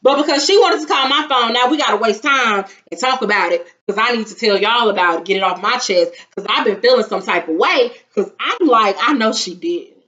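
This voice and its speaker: A woman's voice: a little high, fairly quick, hardly any pauses. A young woman, telling a story in casual, dramatic vlog chat. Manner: animated, dramatic retelling with acted-out quotes. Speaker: vlogger. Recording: dull lo-fi sound.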